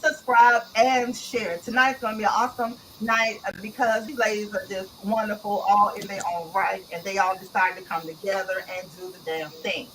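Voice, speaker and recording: A woman's voice: mid-range voice, little pitch movement, normal speed, few pauses, very noisy. A woman hosting an online author livestream in a playful, laughing, slangy chat style, greeting viewers one by one.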